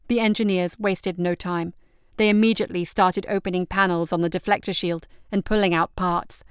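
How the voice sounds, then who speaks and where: A woman's voice: mid-range voice, clean tone, no echo, studio quality. A woman reading out an action story as narrator, telling it steadily and vividly.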